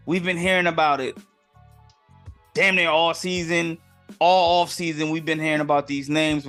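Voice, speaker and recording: A man with a fairly high voice talks through the week's sports news as a podcast host, loose and conversational. He drops "bruh" and "man" into exasperated asides. Faint music plays under his voice. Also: a bit bright. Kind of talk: casual sports commentary.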